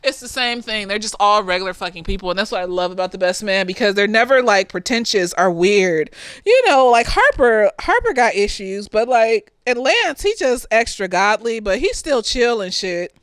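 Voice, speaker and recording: A woman therapist giving a casual, slightly tipsy movie review, animated and profane, laughing often. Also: medium pitch, normal speed, clean tone, dry recording.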